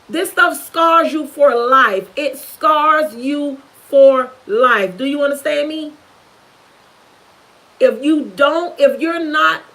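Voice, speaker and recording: A woman's voice: sits high, rough recording. A young woman vlogger giving an emotional personal testimony to the camera, earnest and intense, repeating herself for emphasis. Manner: earnest, repetitive, intense storytelling.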